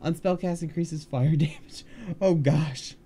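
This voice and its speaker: A man's voice: a little high, unhurried, dark tone, husky. A man streaming a video game, chatting casually and poking fun at himself. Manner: chatty, self-deprecating. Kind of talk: casual gameplay commentary.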